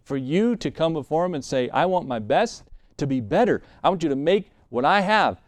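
A man's voice: a little high, animated, normal speed, no room sound, clean studio sound. A man preaching a sermon in a conversational way, reading scripture and acting out what the Bible figures say. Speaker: pastor.

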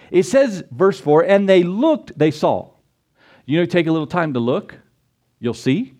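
A middle-aged man preaching a sermon, animated and storytelling, with excited peaks. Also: high voice. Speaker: pastor.

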